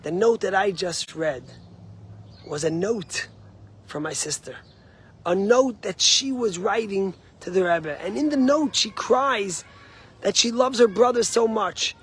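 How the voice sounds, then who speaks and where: A male rabbi voicing a grown man, overcome, who speaks of his sister in a hushed, heartfelt way within his sermon story. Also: high-pitched, measured pace, slightly rough, heavily acted. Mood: moved.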